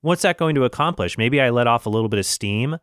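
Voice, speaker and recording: A man's voice: medium pitch, expressive, fast, fairly bright tone, clear, resonant tone, no room sound, studio quality. Earnest man reasoning through an argument. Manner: earnest, reasoning, with frequent restarts. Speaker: Christian podcast host. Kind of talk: solo podcast commentary.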